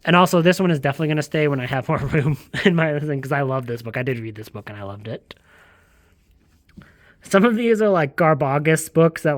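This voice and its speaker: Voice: mid-range voice, no echo. A book vlogger giving a casual, rambling bookshelf tour at home, joking, swearing casually and slipping into silly voices. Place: home, walking between rooms.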